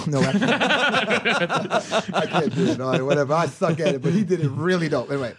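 A man's voice: fairly high pitch, lively intonation, moderate pace, a bit bright, slightly rough, dry recording. A man guest on a podcast, telling stories casually, laughing often and acting out the voices of people he quotes. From United States. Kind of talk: casual storytelling.

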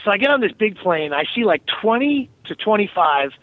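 A man's voice: sits high, big pitch swings, brisk, no room sound, phone-quality sound. A male comedian guest telling a comic story in a joking, self-mocking way, speaking from outdoors on his deck.

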